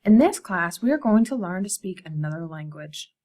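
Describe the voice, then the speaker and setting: A woman voicing a brisk, enthusiastic female art teacher who gives emphatic instructions to her students. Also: fairly low pitch, expressive, dark tone. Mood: instructive.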